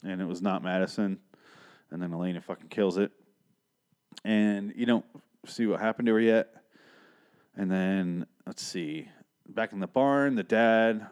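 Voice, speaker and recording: A man's voice: fairly low pitch, darkish tone. A man hosting a podcast, recapping a TV episode in a rambling, profane, argumentative way. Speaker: podcast host.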